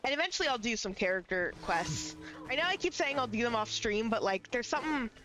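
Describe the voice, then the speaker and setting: A rambling game streamer woman talks in a slightly high voice over her live play. Her chatter is loose and joking, with the odd curse thrown in. Faint game music runs behind her. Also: animated, fast talker, rough recording. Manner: rambling, joking, occasional swearing.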